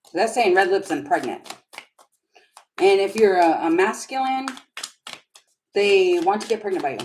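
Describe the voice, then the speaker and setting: A woman's voice: mid-range voice, lively intonation, normal speed, a little hiss or hum, rough recording. A woman giving a chatty live tarot reading, giggling and flustered as she talks. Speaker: tarot reader.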